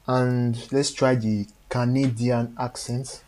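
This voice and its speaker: A man hosting a live stream and walking through code step by step. He talks haltingly, with frequent fillers and self-corrections. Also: medium pitch, little pitch movement, darkish tone. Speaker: coding tutor on a live stream. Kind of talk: step-by-step coding walkthrough.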